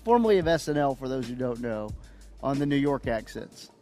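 A man's voice: mid-range voice, sing-song, fairly quick, mellow, soft background music. A man hosting a radio talk show, chatting casually and cueing up audio clips. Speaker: radio host. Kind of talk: casual chat.

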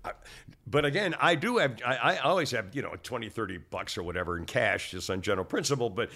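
A man's voice: mid-range voice, expressive, fast, sharp tone. An older man, hard of hearing, chatting casually and telling a rambling story full of restarts that gets more worked up as it goes. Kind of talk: casual chat.

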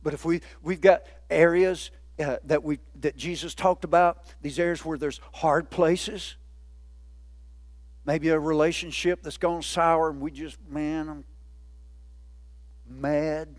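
Folksy, high-voiced man preaching. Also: steady tone, unhurried, dry recording. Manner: folksy, playful, laughs often. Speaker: pastor. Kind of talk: sermon. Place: church.

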